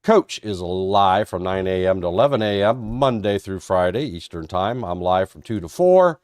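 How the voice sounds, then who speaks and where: Folksy stream moderator, stuffed up from a cold, low-pitched, recorded dry and close. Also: male voice, expressive, moderate pace, dry recording. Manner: folksy, rambling, self-deprecating. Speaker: trading show moderator. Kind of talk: live-stream market talk.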